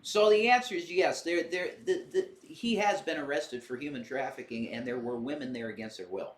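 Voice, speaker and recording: A man's voice: fairly high pitch, fairly quick. A man in casual chat, earnest and questioning. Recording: roomy echo.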